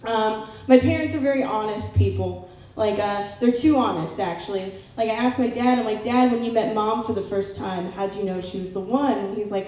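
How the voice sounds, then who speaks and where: A young Southern Californian woman performs a chatty, playful stand-up set at a live show in a large room, acting out her family members' voices. Her mid-range voice has a dark tone and moderate pace, and the very echoey recording carries faint background noise.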